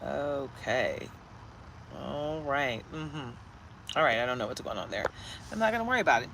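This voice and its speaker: A woman from Detroit hosting a casual live stream, animated and chatty, greeting viewers by name and laughing often, recorded at home on a phone or webcam. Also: extremely low pitch, normal speed, a little hiss or hum. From Detroit, USA. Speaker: live-stream host giving a reading.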